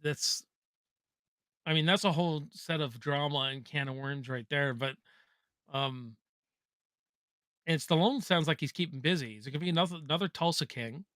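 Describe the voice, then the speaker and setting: A man's voice: a little high, moderate pace, long pauses, fairly bright tone, dry recording, clean studio sound. A man with a Canadian accent hosting a live watch-party, reading viewers' questions aloud and chatting casually. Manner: reads chat questions aloud, casual and joking. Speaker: host.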